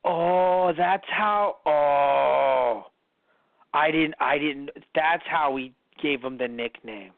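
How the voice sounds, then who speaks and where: Male podcast co-host, high-ish voice, rambling and animated with quotes; dry, phone-like audio. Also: slow pace, few pauses, no room sound. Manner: rambling, lots of fillers and restarts, acts out quotes in changing voices. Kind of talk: casual chat.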